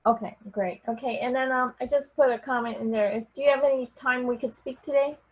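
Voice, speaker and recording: A woman's voice: sits high, fairly even intonation, a little fast, phone-quality sound. A woman calling in to a live stream, polite and grateful as she asks a question. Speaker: caller. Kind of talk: casual call conversation.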